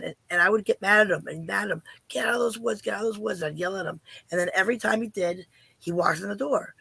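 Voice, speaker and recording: Hoarse middle aged lady calling in, gravelly voice, asks lots of questions. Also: mid-range voice, bright, forceful tone, no echo. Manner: earnest, questioning. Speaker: caller. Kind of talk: casual storytelling.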